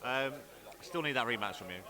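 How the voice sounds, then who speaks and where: A man's voice: medium pitch, animated, brisk. Man, live stream co-commentator, rambling, teasing, crowd noise behind.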